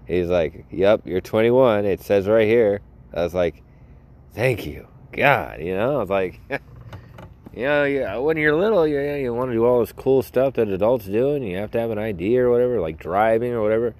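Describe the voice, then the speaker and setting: A man's voice: mid-range voice, expressive, normal speed, darkish tone. A young man hosting a podcast alone, rambling and joking at himself in casual chat. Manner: rambling, jokey, self-mocking. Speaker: podcast host. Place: outdoors.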